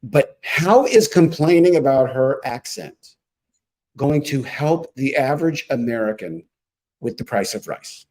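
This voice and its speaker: A man's voice: mid-range voice, animated, unhurried, darkish tone, low-quality recording. A man giving emphatic, combative political commentary as a guest on a talk show. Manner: emphatic, combative, punchy rhetoric.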